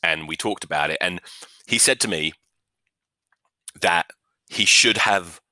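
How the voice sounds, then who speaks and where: A man's voice: low voice, a little slow, pushed and bright, dry recording. A man hosting a rugby podcast, rambling through a profane, joking, self-mocking rant with many restarts, into a new podcast microphone. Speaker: podcast host.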